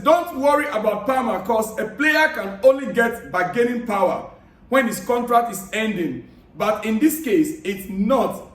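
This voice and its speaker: A man vlogging about football news, chatting casually and giving friendly, repetitive shout-outs while reading viewer comments aloud. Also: sits high. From Africa. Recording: echoey room, distant mic.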